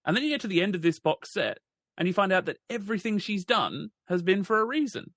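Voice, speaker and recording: Bright-voiced male podcast co-host. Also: sits high, animated, quick pace, no room sound. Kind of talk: casual chat.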